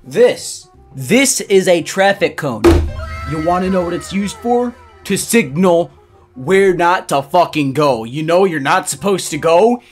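A young man hosting a gaming channel, talking through a horror game, jumpy and quick to yell and swear when startled. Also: sits high, animated, music in the background. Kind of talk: gaming commentary.

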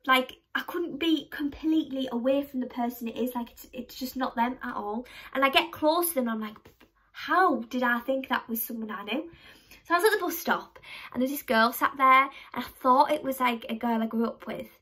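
A young woman chats straight to her camera at home, her voice pitched high and bright. She rambles from story to story and pokes fun at herself as she goes. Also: moderate pace, slightly rough. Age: young adult. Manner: chatty, rambling, self-mocking storyteller. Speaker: vlogger. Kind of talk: casual chat to camera.

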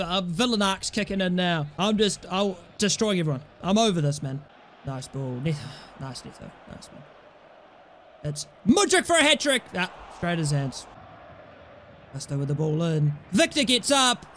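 High-voiced, exasperated gaming commentator man. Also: a bit bright, slight background noise. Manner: exasperated, swearing, talks to the game; jumps between play-by-play and rants. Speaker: gaming YouTuber. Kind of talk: live gameplay commentary.

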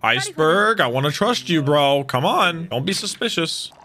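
Young male reaction host, slightly high, highly animated; excitable, casual "bro" talk. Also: moderate pace. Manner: excitable, exclaiming and laughing, says "bro". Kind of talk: live reaction commentary. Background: anime episode audio with music.

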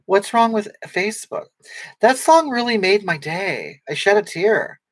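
A brash, crude middle-aged woman, put on by a man, who rambles through a comic livestream with a breathy, halting voice. She keeps restarting her sentences as she reads out chat comments, easily wounded and quick to take offense. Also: high voice, big pitch swings, exaggerated voice. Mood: rambling. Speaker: livestream host reading comments.

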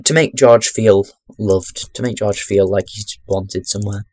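Excitable young man commentating a game. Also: lowish voice, a little slow, no echo. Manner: excitable, rambling, bursts into loud exclamations. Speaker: gaming commentator. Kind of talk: chatty let's-play commentary. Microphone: webcam microphone.

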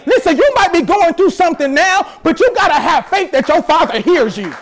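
A man preaching a sermon as pastor at a church service, animated, with playful asides. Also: very high-pitched, a little fast.

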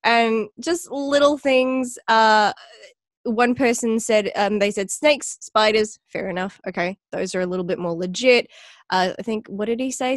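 Brief: Australian woman guest, bubbly and expressive, plays out quotes in her stories, dry close recording. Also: medium pitch, no room sound. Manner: animated, acts out quoted remarks with laughter. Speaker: podcast guest. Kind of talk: casual chat.

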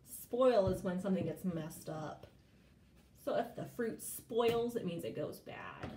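A woman's voice: on the low side, animated, measured pace, warm tone, reverberant, a little hiss or hum. A woman teaching a phonics lesson to young children, stretching out sounds in a sing-song way.

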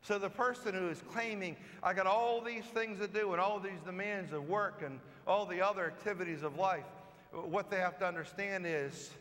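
A man's voice: sits high, moderate pace, a bit bright. A man preaching a sermon as a pastor, telling stories in a conversational way and acting out the quoted lines. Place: church. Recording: long church reverb.

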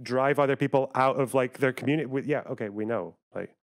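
A young man from the UK talks straight to his live chat, swearing often and jumping between rants and quick asides. His voice sits at an ordinary middle pitch, and he argues in rambling bursts full of "like" and "you know.". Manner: profane, argumentative, rapid asides to chat. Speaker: livestreamer. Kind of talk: live stream commentary, reacting to chat.

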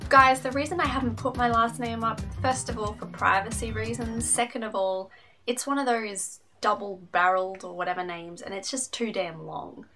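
A young woman casually reading fan letters aloud on her vlog, with lively asides. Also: fairly high pitch. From Australia. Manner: bubbly, reads letters aloud with quick asides. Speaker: YouTuber reading fan mail. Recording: music playing under the voice.

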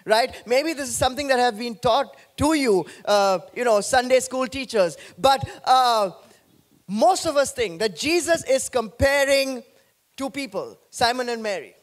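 A man pastor preaching an animated sermon, joking with the congregation. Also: very high-pitched, unhurried.

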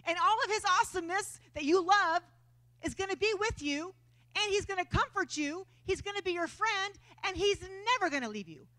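A woman's voice: extremely high pitch, normal speed, dry recording, voice pushed up, exaggerated voice. A woman preacher voicing Jesus as an overjoyed, whooping man in a sermon retelling. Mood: exuberant. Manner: whooping, bubbling with excitement. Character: overjoyed male Jesus, eager and exuberant.

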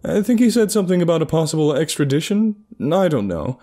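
A man voicing a hitman who puts on a high, eager, overly friendly voice to fool someone, in a spoken horror story. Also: big pitch swings, a little fast, mellow. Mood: fake cheerful. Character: hitman faking a chipper, high-pitched stranger's voice.

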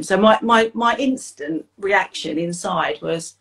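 Chatty British mum telling a story. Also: female voice, mid-range voice, unhurried, vocal fry. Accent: British English. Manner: chatty storyteller, animated retelling with laughs. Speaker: interview host, coach. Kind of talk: interview conversation.

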